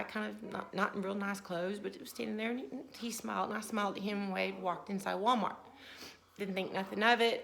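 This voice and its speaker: Earnest woman with heavy vocal fry. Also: mid-range voice, a bit bright. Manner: earnest, conversational, with frequent restarts and quoted inner thoughts. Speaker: vlogger sharing a personal faith testimony. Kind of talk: casual personal storytelling.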